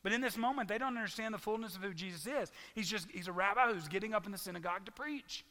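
A man preaching a sermon as pastor, animated, acting out the townspeople's words as he tells the story. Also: high-pitched, fast. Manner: animated storytelling preacher, voices the crowd's lines. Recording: long reverb of a large hall.

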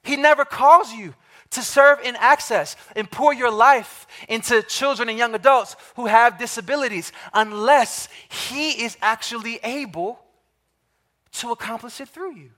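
A man preaching a sermon to his congregation, emphatic, repeating key phrases and slowing down to stress them, often asking the listeners direct questions. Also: extremely high pitch, pushed and bright. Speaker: pastor.

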